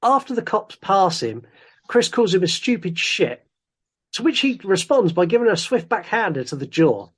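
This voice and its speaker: Man, fairly high pitch, casual film podcast chat, laughs a lot. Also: very animated, normal speed, husky. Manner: chatty, laughs often, recaps the plot with dry jokes. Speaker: podcast co-host.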